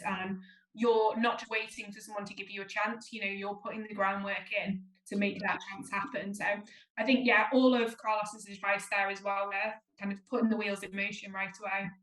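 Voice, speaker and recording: A woman's voice: medium pitch, a bit bright. Recruiter, woman, eager and agreeable, echoey room. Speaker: recruiter co-host. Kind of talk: casual chat. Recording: roomy echo.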